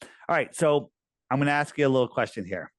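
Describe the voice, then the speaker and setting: A man in a casual interview who talks in an animated, persuasive way and often restarts his sentences. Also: mid-range voice, a little fast, no echo. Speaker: interviewee, flat-earth promoter.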